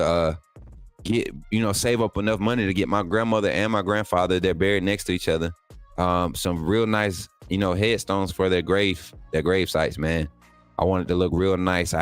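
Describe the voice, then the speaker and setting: This livestream host has a smooth voice and a laid-back style, reading viewer comments and chatting loosely, calling his chat "man" and "y'all." When something excites him, his pitch jumps up.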